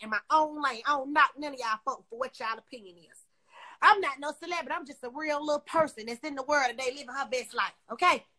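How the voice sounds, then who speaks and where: A woman's voice: extremely high pitch, pushed and bright. A woman ranting angrily on a livestream into her phone, confrontational and heavily profane. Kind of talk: angry livestream rant.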